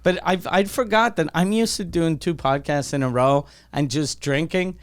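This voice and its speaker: A man's voice: a little high, normal speed, clean tone. Profane storytelling male podcast host. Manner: profane animated storyteller, acts out quotes. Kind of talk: casual chat.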